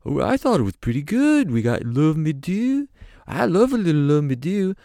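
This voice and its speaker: A man impersonating an aging male British rock star who rambles and swears freely, in a high excited voice. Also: normal speed, dry recording, clean studio sound.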